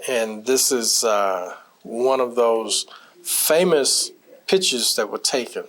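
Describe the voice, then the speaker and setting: A man conducts an oral history interview at a middle pitch, asking probing follow-up questions. He keeps his acknowledgments brief between his questions. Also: takes it slowly, fairly bright tone.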